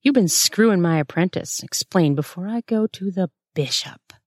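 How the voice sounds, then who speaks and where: A woman's voice: fairly low pitch, lively intonation, moderate pace, darkish tone, dry recording, studio quality. A woman reading a story aloud, voicing a sneering, domineering older nun with a hissing, snarling delivery. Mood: scornful. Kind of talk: read-aloud erotic story.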